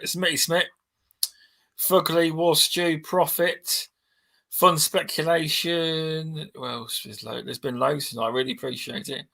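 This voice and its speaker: A man hosts a casual gaming podcast, thanking guests one by one. His voice is bright and a touch high. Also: creaky. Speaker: podcast host.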